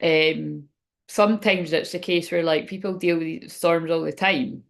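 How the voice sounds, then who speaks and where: A woman's voice: sits low, measured pace, gravelly. A woman speaking as a spiritual reader in a rambling, frank livestream chat, swearing now and then.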